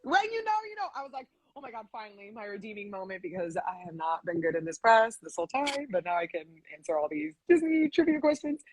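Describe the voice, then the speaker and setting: A young woman being interviewed as a guest, telling stories in a chatty, animated way with lots of fillers. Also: mid-range voice, fast talker, few pauses, slightly rough. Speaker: voice actress guest. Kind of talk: casual live-stream interview.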